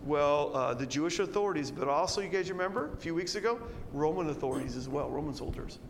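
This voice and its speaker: A high-pitched man teaches an expository sermon in a church hall, pressing his points with emphatic, conversational rhetorical questions. His voice rings out with a long reverb, over a faint hum of room ambience. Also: animated, fast talker. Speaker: pastor.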